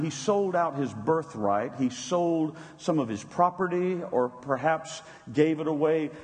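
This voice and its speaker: A man's voice: a little high, a little mellow. A man preaching a sermon in a conversational storytelling way, with restarts and asides. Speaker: pastor. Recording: long reverb.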